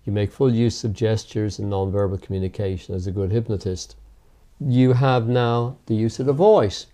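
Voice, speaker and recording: A man who teaches hypnotherapy, explaining its methods in a measured, emphatic interview. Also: on the low side, warm tone.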